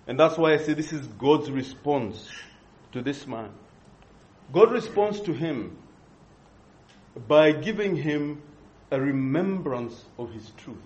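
A man preaching an expository sermon, earnest and measured, pausing and restarting as he thinks. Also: on the high side, expressive, a little mellow. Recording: dull lo-fi recording.

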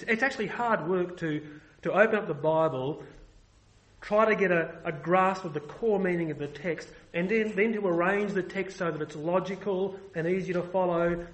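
A man's voice: sits high, poor audio. A man preaching a sermon, earnest and emphatic, often restarting his phrases.

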